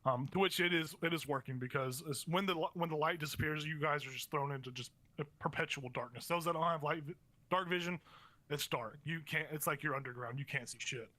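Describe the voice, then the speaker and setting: A man's voice: a little high, a little fast, sharp tone. A young man running a tabletop game as game master, narrating in a rambling way with many fillers and restarts.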